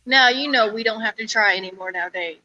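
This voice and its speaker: A woman's voice: a little high, fast talker, bright, forceful tone, no room sound, dull audio. A woman co-hosting a live stream, bantering casually and teasing with dry jokes. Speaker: co-host on the panel.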